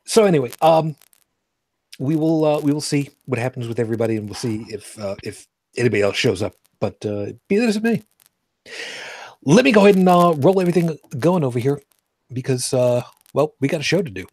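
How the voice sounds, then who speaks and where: A man's voice: medium pitch, expressive, brisk, darkish tone, no room sound. A man hosting a casual live podcast, joking and rambling as he greets viewers. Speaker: podcast host. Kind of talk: casual livestream chat.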